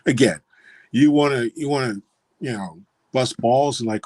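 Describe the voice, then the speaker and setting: A man's voice: medium pitch, brisk, darkish tone, dry recording. A man in casual podcast chat, easygoing and agreeable as he chimes in with his own points. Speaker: podcast co-host.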